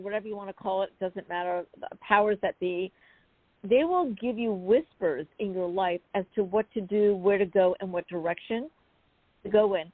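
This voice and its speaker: A woman guest on an interview show, telling a personal story in a chatty, animated way with many asides. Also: medium pitch, dry recording. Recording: phone-like dry call audio.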